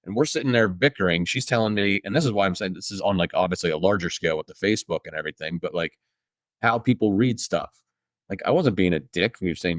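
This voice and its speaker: A man's voice: low voice, fast talker, no echo, clean studio sound. A man in his thirties co-hosting a podcast, telling a rambling story in casual chat with lots of fillers. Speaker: podcast co-host.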